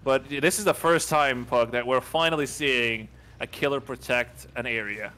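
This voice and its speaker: A man's voice: medium pitch, normal speed, pushed and bright. A man co-casting a tournament live, explaining game mechanics and strategy in an analytical way. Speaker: esports co-caster and analyst. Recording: clear background noise on the mic.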